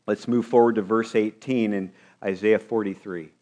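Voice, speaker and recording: Man, pastor, sermon delivery, lowish voice, questions to the congregation. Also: steady tone, normal speed, few pauses, dark tone. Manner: preaching with rhetorical questions to the congregation.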